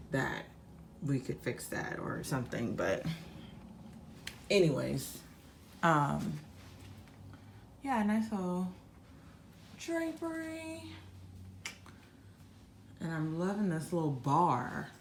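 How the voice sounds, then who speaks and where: A woman's voice: sits low, slight background noise. A young woman giving a chatty, slangy hotel room tour in casual vlog style, with many fillers. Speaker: vlogger.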